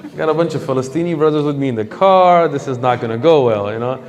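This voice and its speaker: A man's voice: medium pitch, fast talker. A man preaching a storytelling sermon in a hall, acting out the voices of the people in his story. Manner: animated storyteller who acts out quoted voices.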